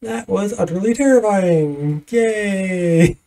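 Slow-talking gravelly woman streamer. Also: medium pitch, mellow. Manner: nervous laughs, talks to game creatures. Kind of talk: casual let's-play commentary.

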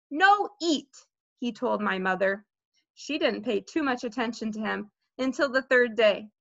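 A woman teacher reading a children's novel aloud with expressive storytelling, in a dull lo-fi recording. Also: a little high, vocal fry, dry recording. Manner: expressive storytelling, with light laughs.

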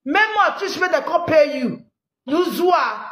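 A woman with a Nigerian Pidgin accent giving animated, scolding commentary, laughing often and repeatedly urging viewers to like and share. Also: high voice, a little slow, roomy sound. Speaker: commentary vlogger. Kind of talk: live social media commentary.

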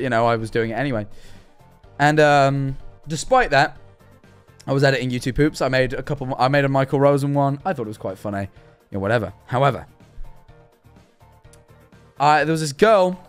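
A man in his twenties chatting on a livestream, telling self-deprecating stories and stumbling over his words. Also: medium pitch. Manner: stammering, self-deprecating storyteller. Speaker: streamer. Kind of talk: livestream reaction chat.

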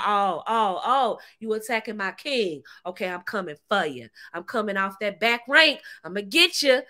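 A woman from the United States giving an animated relationship-coaching talk, emphatic, repeating phrases and laughing often. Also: sits high. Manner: plays out short quoted voices.

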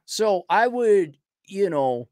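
A man's voice: sits high, big pitch swings, slow pace, a little mellow, no room sound. Man, livestream co-host, casual banter, playful and jokey, dry close sound. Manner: playful, jokey, trails off while thinking.

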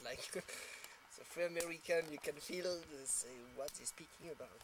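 A man's voice: a little high, normal speed, few pauses, noisy background. A man from France with a French accent tells a casual anecdote in English, laughing often and acting out the people he quotes. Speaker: storyteller.

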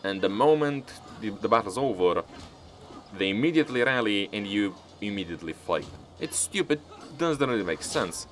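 A man's voice: fairly low pitch, animated, moderate pace, faint music behind. A man giving casual, profane gameplay commentary as a let's-player, talking back at the game as he plays.

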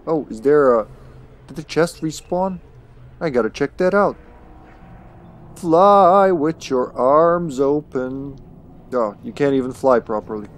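A man streaming a video game live, chatting casually to himself with swearing and chuckles. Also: on the high side. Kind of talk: live gaming commentary.

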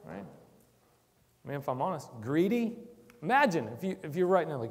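A man preaching a casual, conversational sermon, his voice sitting a little high for a man. He drops to near-murmurs and then pushes up into loud, insistent emphasis. The sound trails off in the long reverb of a large hall. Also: lively intonation, brisk. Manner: conversational, swings from quiet reflection to loud emphatic urging. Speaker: church speaker.

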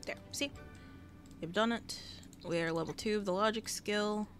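A woman's voice: mid-range voice, unhurried, loud music behind the voice. Sassy woman scolding her game characters. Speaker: gaming YouTuber. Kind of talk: casual Let's Play commentary. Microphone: headset mic.

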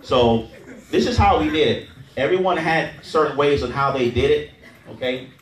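A man's voice: on the high side, expressive, moderate pace. A man training an audience at a sales event, repeating himself and leading call-and-response chants. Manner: repetitive, drills the crowd with chants and okays. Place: large event room with an audience. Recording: echoey hall, mic at a distance.

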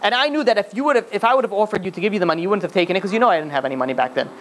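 Fast-talking rabbi telling a story. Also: male voice, high voice. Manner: animated, acts out characters with many restarts. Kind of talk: storytelling sermon.

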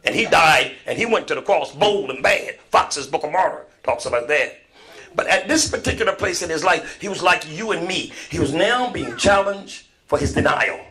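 A man preaching a lively sermon. He retells scripture with call and response, swinging between loud shouts and hushed, quiet storytelling. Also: fairly high pitch, normal speed.

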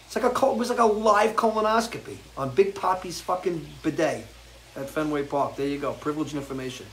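A man hosting a casual live chat with viewers, rambling and crude, jumping from loud, animated outbursts to low mutters. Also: brisk, a little hiss or hum, rough recording. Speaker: host.

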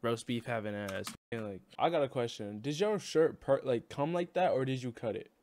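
A man's voice: mid-range voice, normal speed, darkish tone, a little hiss or hum. Brash teasing young man. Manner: brash, teasing, laughs often. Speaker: video chat prankster. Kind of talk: casual roasting chat. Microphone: own desk microphone.

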